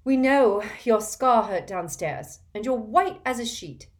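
An earnest teenage girl, voiced by a woman narrator, scolds and presses her point in a lifted, lively voice. The storybook delivery stays urgent. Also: on the high side, measured pace, reverberant, voice pushed up. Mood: insistent. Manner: insistent, scolding.

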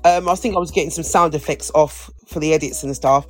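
Soft music sits behind a podcast co-host whose low voice moves at a brisk clip. She chats casually and playfully, rambling and frequently restarting what she says.

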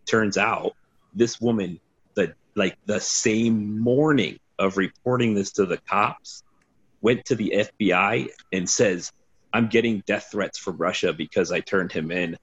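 Low husky guy spinning loose swear-heavy party stories, kinda muffled lo-fi audio. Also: measured pace. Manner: rambling, swearing, laughing storyteller. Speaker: podcast guest, former team DJ. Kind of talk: casual storytelling. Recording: dull lo-fi sound.

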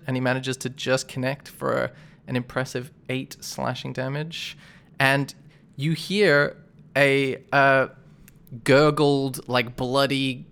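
A man's voice: medium pitch, vocal fry, a bit bright, clear, resonant tone. A man narrating and running a tabletop role-playing game, talking casually and thinking aloud. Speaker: game master.

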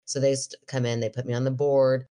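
A woman's voice: very deep voice, a little fast. A middle-aged woman co-hosting a podcast, telling a story in casual chat, laughing often and acting out what people said. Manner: animated storyteller, laughs often, quotes herself in a raised voice. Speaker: podcast co-host.

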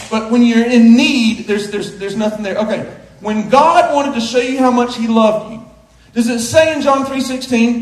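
A middle-aged male pastor preaching a sermon with a humorous story, moving from hushed asides to shouted punchlines and chuckling through the telling. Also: extremely high pitch, a little fast. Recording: roomy echo of a big hall.

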